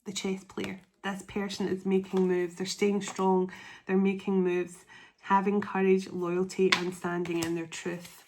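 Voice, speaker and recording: A woman doing a spiritual tarot reading to camera, emotional and excitable, reading card texts aloud. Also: mid-range voice, unhurried. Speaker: tarot reader.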